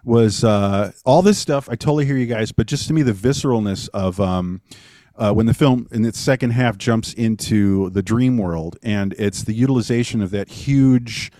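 A man on a film podcast, speaking in a halting, reflective way. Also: fairly low pitch, dark tone, no echo, studio quality. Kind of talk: casual film discussion.

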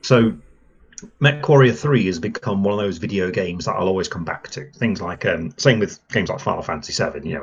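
A man's voice: sits low, slightly rough, muffled recording. A man, a podcast guest chatting enthusiastically with lots of fillers. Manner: rambling and enthusiastic, many fillers. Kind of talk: casual podcast chat.

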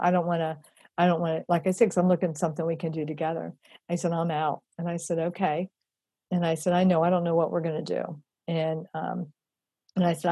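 Middle-aged woman, storytelling, lively quoted voices, husky, warm and dry sound. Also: on the low side, no room sound. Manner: animated, acts out quoted voices, many fillers. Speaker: charity founder telling her story. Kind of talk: personal storytelling.

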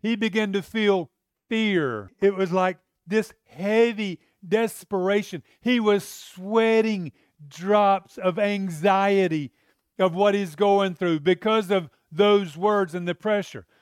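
A man's voice: high voice, slow pace, clear, resonant tone, no echo, studio quality. A man preaching a sermon with passion, often asking his listeners rhetorical questions.

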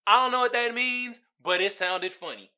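A man hosting his own podcast in casual solo chat, slangy and animated, laughing often. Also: very high voice, normal speed. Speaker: podcast host.

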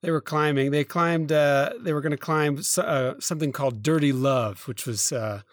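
A man co-hosting a podcast, retelling a story in a rambling, halting way full of fillers and self-corrections. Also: fairly high pitch, no echo. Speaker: podcast co-host. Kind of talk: casual storytelling chat.

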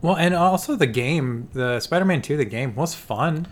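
A man's voice: fairly high pitch, animated, moderate pace. A man co-hosting a casual podcast chat, opinionated, laughing easily, swearing and saying like a lot. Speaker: podcast co-host.

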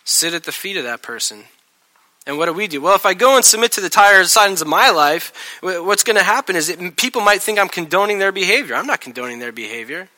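A man's voice: high voice, quick pace. A man preaching a sermon as pastor of his church, telling stories animatedly and acting out the people in them. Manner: animated storytelling, acting out voices.

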